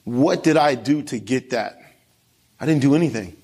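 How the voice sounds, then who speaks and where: Man, young adult, pastor, sermon, storytelling, slightly high voice, reverberant hall. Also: expressive, fairly quick, darkish tone, breathy edge. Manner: storytelling preacher, asks the crowd questions. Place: church.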